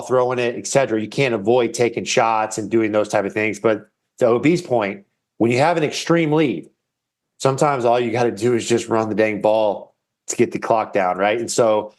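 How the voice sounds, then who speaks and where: A man, a former quarterback, analyzes football on a sports show. His voice sits fairly low, and he explains things in a steady, measured way. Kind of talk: casual sports talk.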